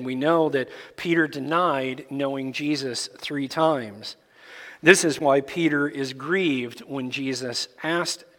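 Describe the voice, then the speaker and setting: Slow, deliberate male preacher in a reverberant hall. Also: medium pitch, fairly bright tone. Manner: deliberate, emphatic explaining. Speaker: pastor. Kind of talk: expository sermon. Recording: long reverb in a large hall.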